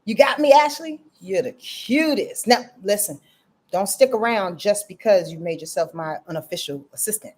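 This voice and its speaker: Moving at a moderate pace, this middle-aged woman talks in an animated, mid-range voice with a darkish tone. As an astrologer hosting a livestream, she chats casually, calls out viewers by name, and rants freely.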